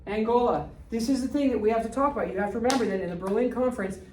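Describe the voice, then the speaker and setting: A woman's voice: fairly high pitch, darkish tone, slight background noise. Blunt older woman teacher, echoey room. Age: 60s. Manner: blunt, quizzing students with rapid questions. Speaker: history teacher. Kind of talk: classroom lecture. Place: classroom. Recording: echoey room, distant mic.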